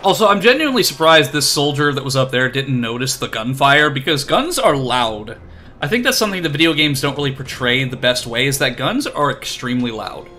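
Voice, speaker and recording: A man's voice: medium pitch, lively intonation, brisk, sharp tone, a little hiss or hum. A man streaming a video game, chatting casually in a rambling, self-deprecating way with lots of fillers. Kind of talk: casual chat while playing.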